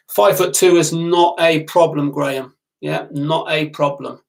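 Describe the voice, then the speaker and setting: A middle-aged man with a southern English accent hosts a relaxed live Q&A, reading out viewer comments and answering them by name. His voice sits a little high for a man and carries a gravelly edge. He talks loosely, with plenty of ums along the way. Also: slow, poor audio. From southern England. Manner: chatty, addresses viewers by name, lots of ums. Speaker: motorcycle instructor hosting a live Q&A.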